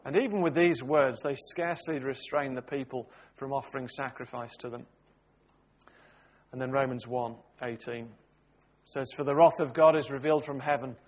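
A man leading a Bible study, praying and then reading scripture aloud in a measured, steady way. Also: on the high side. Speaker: preacher.

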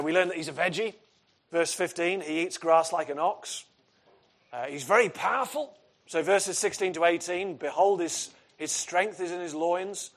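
A man preaching an expository sermon, earnest and emphatic, asking his listeners questions. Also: on the high side.

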